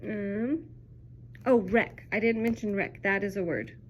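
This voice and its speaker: A woman's voice: mid-range voice, unhurried, lo-fi sound, slight background noise. A young woman teacher chatting casually through a children's book review, upbeat and full of ums.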